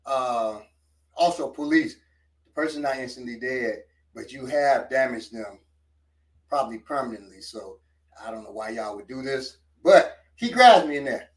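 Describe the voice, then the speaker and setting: A man's voice: medium pitch, animated, moderate pace, distant mic. A man teaching self-defense, talking casually and coaching while he demonstrates moves.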